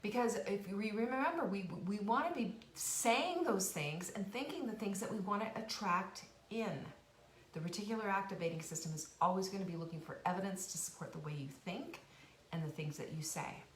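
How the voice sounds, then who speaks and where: A woman's voice: medium pitch, a little fast. Chatty woman hosting an echoey live stream. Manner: chatty, encouraging, many restarts and asides. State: sniffly from dust, coughing now and then. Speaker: host of a cooking and life show. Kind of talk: casual motivational live stream talk. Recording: roomy home live stream, faint hiss.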